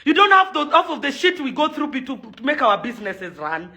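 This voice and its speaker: A young Kenyan woman speaking in a fairly high, bright, tense voice. She rants angrily and with heavy emphasis, hammering the same points again and again. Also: sing-song, brisk. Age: young adult. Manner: furious, emphatic, repeats her points. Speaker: socialite and event organizer. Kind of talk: angry video rant.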